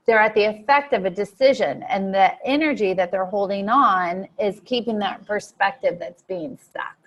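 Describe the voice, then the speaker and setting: A woman's voice: medium pitch, normal speed, lo-fi sound, slight background noise. Woman teaching coaching on a video call. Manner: explanatory, frequent fillers, acts out client quotes. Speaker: coach trainer. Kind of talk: online coaching lesson.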